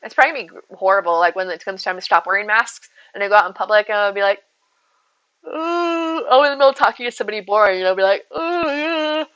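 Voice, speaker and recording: Chatty woman streamer, bright voice. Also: mid-range voice, racing, hardly any pauses, smooth, muffled recording. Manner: chatty, rambling, talks to chat by name. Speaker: game streamer. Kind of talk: casual live-stream chat while gaming.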